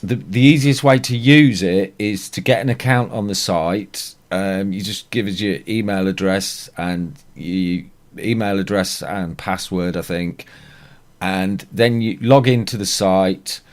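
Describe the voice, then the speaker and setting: A man's voice: low-pitched, unhurried. A man co-hosting and producing a podcast, easygoing and self-deprecating in casual chat.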